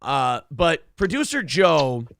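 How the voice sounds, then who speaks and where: High creaky-voiced man hosting a podcast. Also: slow. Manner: animated storytelling, mimics people in funny voices. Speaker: podcast host. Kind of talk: casual podcast chat.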